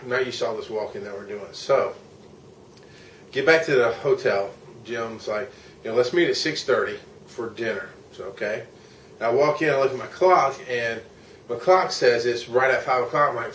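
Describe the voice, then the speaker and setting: A tired middle-aged man from the United States, a vlogger and podcaster, recounts his day in a candid, rambling travel vlog, swearing when frustrated. His mid-range voice is fairly bright at a moderate pace, with slight background noise, a roomy echo, a distant mic and faint ambience.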